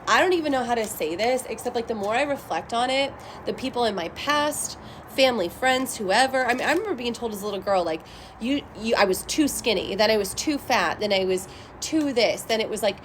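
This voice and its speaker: A woman's voice: fairly high pitch, a little hiss or hum. A young adult woman giving a casual tarot reading vlog, talking bluntly and swearing freely. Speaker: tarot reader.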